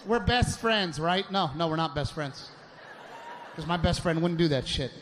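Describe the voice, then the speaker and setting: Stand-up comic, male, high voice, loud exasperated rants on a noisy live show recording. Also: lively intonation, normal speed. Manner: loud, exasperated ranting with shouted bursts. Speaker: stand-up comedian.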